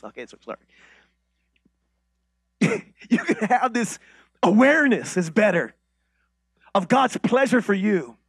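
Preaching pastor, male, high husky voice, dry close sound; conversational delivery with loud and hushed swings. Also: no echo. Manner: animated, swings from loud declarations to quiet intimate asides; conversational, with frequent restarts and rhetorical questions. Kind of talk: sermon.

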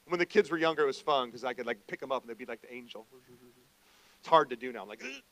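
A middle-aged male pastor giving a conversational sermon, moving between quiet asides and loud emphatic stretches. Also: medium pitch, fast talker.

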